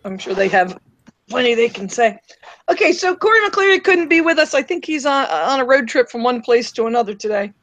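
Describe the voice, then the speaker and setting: A woman's voice: fairly high pitch, lively intonation, a little fast, fairly bright tone, no room sound, poor audio. A woman co-hosting an online panel, chatting and reading a guest's message aloud with small self-corrections. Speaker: co-host. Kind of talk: casual roundtable chat and reading aloud.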